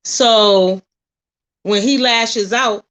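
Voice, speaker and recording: A woman's voice: fairly high pitch, extremely slow, poor audio. Blunt, profane woman ranting at the camera. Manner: blunt and profane, firing rhetorical questions; animated storytelling, drifting between loud and soft. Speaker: vlogger. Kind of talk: casual straight-to-camera rant.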